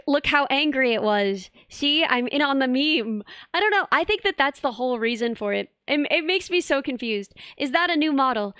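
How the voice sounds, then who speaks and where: A woman's voice: high-pitched, fairly bright tone, no echo, studio quality. A young woman streamer in casual live chat, reading viewer messages and rambling with many restarts.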